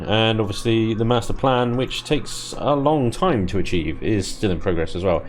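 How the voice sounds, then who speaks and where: A man casually commentating his strategy game play, chatty, self-deprecating and quick to laugh. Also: lowish voice. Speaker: let's play host.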